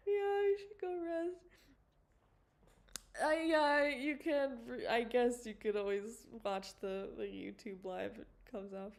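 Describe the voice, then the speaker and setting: A woman's voice: on the high side, takes it slowly. A woman animator chatting casually on a livestream while she works, rambling, giggling and swearing freely. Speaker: animator livestreaming her work. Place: home studio at a computer.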